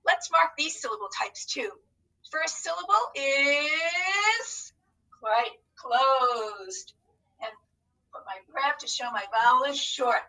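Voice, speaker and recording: Upbeat high-voiced woman teaching phonics. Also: slow, bright, forceful tone, far from the mic, poor audio. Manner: upbeat, coaxing, speaks to unseen students. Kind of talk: recorded phonics lesson.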